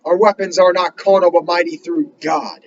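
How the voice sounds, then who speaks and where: Earnest male preacher, high-pitched, builds to emphatic questions and reads scripture slowly; muffled recording. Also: steady tone, a little hiss or hum. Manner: reads scripture slowly in King James wording. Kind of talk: sermon.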